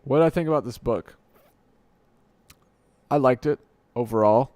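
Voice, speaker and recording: A young man talks through his unscripted podcast, wandering off track and poking fun at himself along the way. His voice sits at an ordinary middle pitch. The sound is close and dry, with no room echo, from a desk mic at home. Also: moderate pace, darkish tone. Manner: rambling, self-correcting, joking at himself. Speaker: podcast host. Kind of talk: unscripted solo podcast talk. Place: home room at night, dim light.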